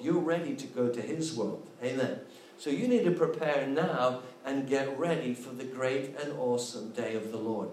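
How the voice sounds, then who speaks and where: A man's voice: medium pitch, a little mellow, a little hiss or hum. A man preaching a sermon, emphatic and full of repeated refrains. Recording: echoey room, voice from a distance.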